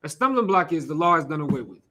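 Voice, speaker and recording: Leading a scripture class, a man with a high, bright voice delivers a fast, informal sermon to a small group in a loose, talky way. He keeps posing rhetorical questions, slipping in laughs, asides to the room and occasional cursing, sounding relaxed and street-casual rather than formal.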